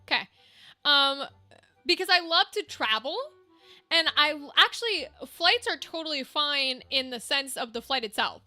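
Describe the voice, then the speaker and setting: Her voice sits high and animated, sharp in tone and at normal speed, recorded with no room sound. She's a young woman streaming a game with music behind her, casually chatting with viewers while thinking out loud about her gear.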